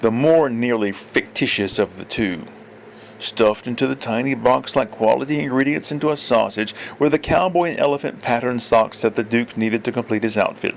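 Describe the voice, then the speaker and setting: A man reading absurdist comic fiction aloud, deadpan and expressive. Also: on the low side, a little fast, slight background noise. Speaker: storyteller.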